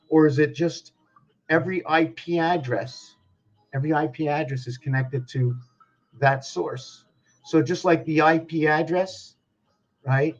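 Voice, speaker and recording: A man giving a musing spiritual monologue who talks ponderously and asks himself questions aloud. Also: a little high. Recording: dull lo-fi recording.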